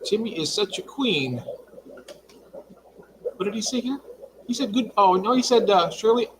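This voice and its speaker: A man's voice: high-pitched, animated, measured pace, noisy background. Chatty man hosting a fish livestream. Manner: chatty, reads out viewer comments. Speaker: livestream host. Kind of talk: casual livestream chat. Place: home fish room.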